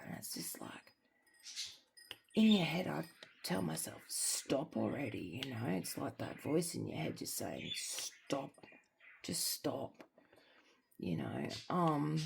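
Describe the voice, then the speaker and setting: Gravelly low-voiced Australian woman. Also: slight background noise. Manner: rambling, candid, drifting into soft near-whispers. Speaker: crafting vlogger. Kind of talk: casual chat while crafting.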